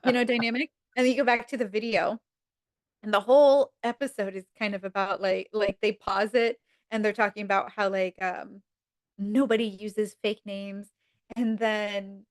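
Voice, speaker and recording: A woman on a podcast casually retelling TV episodes with lots of fillers, jumping high in pitch to act out each character's lines. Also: no echo. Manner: frequent fillers like "um" and "like". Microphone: podcast mic.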